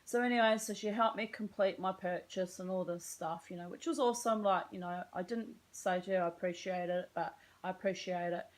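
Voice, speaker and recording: A woman's voice: fairly low pitch, brisk, few pauses, poor audio. An Australian woman telling a rambling, self-mocking story in a casual vlog, chatting along and drifting off on tangents. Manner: chatty, tangential, self-mocking, slips into put-on American voices. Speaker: vlogger.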